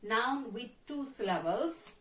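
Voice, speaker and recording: Slow, echoey Bangladeshi woman teacher. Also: on the high side, animated, fairly bright tone, slight background noise. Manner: repeats words for pronunciation drill. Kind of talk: slow classroom lesson. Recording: echoey room from far off.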